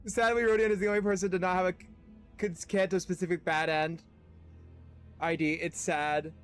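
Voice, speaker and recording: Young male streamer, high voice, casual and profane. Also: level tone, a little fast, smooth, soft background music. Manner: profane, laughing, chatty. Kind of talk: casual gaming stream, reading dialogue aloud.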